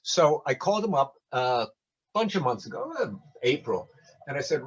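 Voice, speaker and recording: Older guy rambling thru stories, husky voice, dull lo-fi video call sound. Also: fairly high pitch, lively intonation, normal speed. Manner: rambling, folksy storyteller. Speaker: community talk speaker. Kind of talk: casual anecdotal talk.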